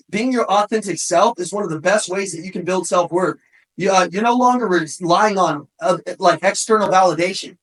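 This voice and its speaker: A man giving an energetic motivational talk, often shouting for emphasis and calling listeners "bro" and "man". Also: high voice, rough recording. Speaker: motivational speaker.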